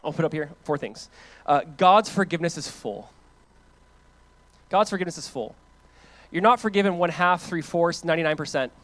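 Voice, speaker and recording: On the high side and at a normal speed, an American pastor preaches with no echo in the recording. His manner is conversational and animated, ranging from loud emphatic lines to hushed ones, with phrases repeated for emphasis.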